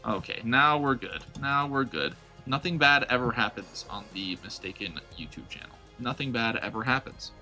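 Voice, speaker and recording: A man's voice: medium pitch, lively intonation, moderate pace, hardly any pauses, bright, forceful tone, faint music behind. A young man streaming live gameplay, chatting playfully with his viewers and mocking his own blunders. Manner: playful, self-mocking, talks to chat.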